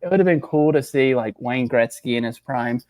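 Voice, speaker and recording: A man's voice: mid-range voice, dry recording. A man co-hosting a sports podcast, chatting casually and telling stories with acted-out quotes. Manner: animated storyteller, quick laughs, acts out quotes. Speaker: podcast co-host. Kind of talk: casual chat.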